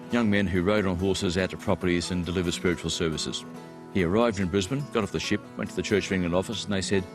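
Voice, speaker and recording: This is a low-voiced Australian man in his seventies, a former radio broadcaster, giving measured, heartfelt interview answers that turn emotional. Music plays in the background.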